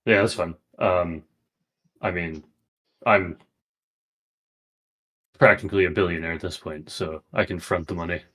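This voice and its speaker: A man playing in a tabletop role-playing game, making quick joking asides. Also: deep voice, steady tone, pushed and bright. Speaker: player. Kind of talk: casual tabletop game chat.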